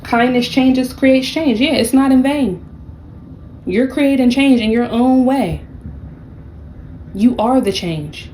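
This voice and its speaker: A woman's voice: high voice, slow, pauses often, a little mellow, a little hiss or hum, low-quality recording. A woman giving a casual tarot reading, blunt and profane, with sassy, mocking asides. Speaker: tarot reader.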